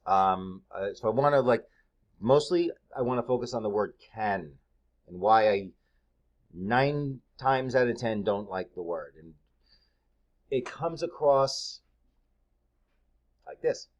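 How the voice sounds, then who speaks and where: A middle-aged man, a massage therapist, speaks in a casual, conversational advice style. His voice moves animatedly across a wide pitch range. He is blunt and candid, with frequent ums and likes. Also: expressive, slow, pauses often, dull audio.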